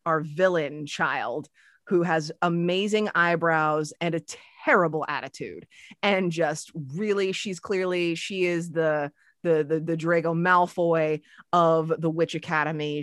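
A woman co-hosting a casual podcast chat, animated and swearing freely as she recaps a show, with lots of restarts. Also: lowish voice, no echo, studio quality. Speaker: podcast co-host.

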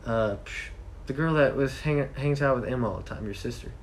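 A man's voice: mid-range voice, a little fast. Teen guy chiming in, faint noise. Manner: chiming in with quips and slang. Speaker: friend in chat. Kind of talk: casual chat.

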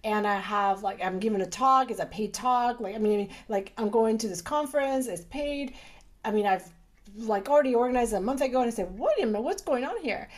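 A chatty middle-aged woman with a fairly high voice talks freely in a casual conversation. Her speech is animated and full of fillers. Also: fairly quick. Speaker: urologist, guest.

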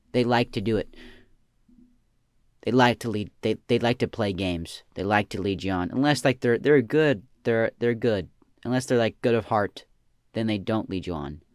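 A young man hosting a comedy podcast, answering listener questions in a deadpan slacker drawl that trails off with "man" and "bro". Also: fairly low pitch, dry recording, clean studio sound.

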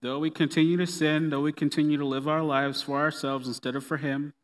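A man preaching a sermon in a relaxed, conversational way with playful asides. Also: a little high, fairly quick. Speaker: pastor. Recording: long reverb of a hall.

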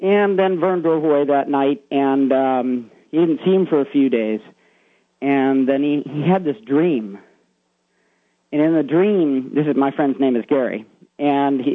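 A man's voice: mid-range voice, no echo. A man calling into a radio show, retelling a secondhand ghost story in a rambling way and putting on spooky voices for the quotes. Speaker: caller. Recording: thin, tinny phone line.

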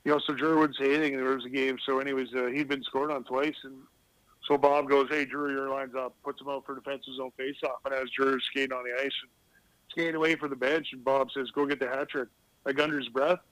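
A man's voice: medium pitch, little pitch movement, quick pace, fairly bright tone, no echo, poor audio. A middle-aged man who used to play pro hockey, telling loose, rambling stories as a guest on a casual podcast and laughing at his own anecdotes. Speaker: guest, retired hockey player.

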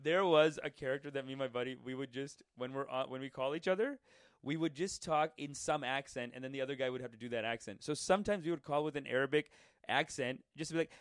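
A man hosting a podcast in casual chat, animated and crude, laughing often. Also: medium pitch, fast talker, clear, resonant tone, no echo, clean studio sound. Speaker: podcast host.

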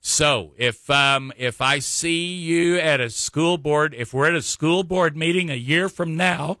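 A man's voice: fairly high pitch, a little slow, bright, forceful tone, dry recording, studio quality. A man hosting a local talk radio show, rambling with many fillers and self-corrections.

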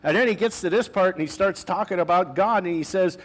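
Pastor guy preaching, kinda high voice, chatty and loose, slows way down to hit the big lines. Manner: conversational, with casual asides and slang; preaching with slow emphatic stresses on key phrases. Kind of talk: sermon.

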